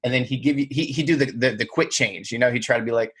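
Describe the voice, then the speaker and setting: A man's voice: medium pitch, racing, few pauses, a bit bright, husky. A man co-hosting a podcast in a casual chat, laid-back and telling work stories. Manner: laid-back, acts out quotes in bursts. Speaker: podcast co-host.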